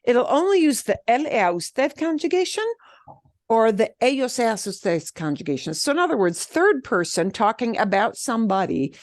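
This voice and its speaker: A middle-aged woman teaching a beginner Spanish class, upbeat and encouraging, modeling phrases slowly so students can repeat them. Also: on the high side, big pitch swings, no echo, clean studio sound. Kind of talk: online beginner language class.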